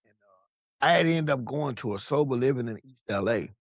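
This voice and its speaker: Husky and brisk, a medium-pitched man from Long Beach, California tells his story as a podcast guest, casually and animatedly, doing the voices of people he quotes and swearing freely. The studio sound is clean and echo-free.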